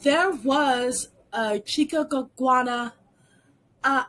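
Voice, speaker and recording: Slow-talking sick woman vlogger. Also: high-pitched, a bit bright. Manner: casual, halting, reads place names with stumbles. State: sick, coughing. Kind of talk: casual commentary on news.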